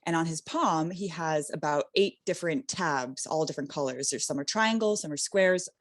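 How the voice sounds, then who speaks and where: A young adult woman telling a comedic party story in casual chat, animated and laughing, with lots of fillers. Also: sits low, moderate pace, dry recording, studio quality. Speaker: guest storyteller.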